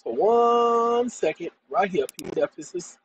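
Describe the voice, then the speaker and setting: A man's voice: sits high, lively intonation, measured pace, low-quality recording. A tired man hosting a casual online talk, wandering off topic as he works. His delivery is loose and chatty, with a faint hiss under the voice. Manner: rambling, repeatedly addresses "ladies and gentlemen". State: tired after a long day. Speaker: channel host. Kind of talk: casual screen-share tutorial and monologue.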